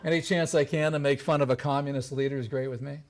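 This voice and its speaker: A man giving a lively storytelling talk on history before an audience, acting out the voices of the people he quotes. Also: mid-range voice, quick pace. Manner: animated, acts out quoted voices. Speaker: lecturer. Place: event hall before an audience.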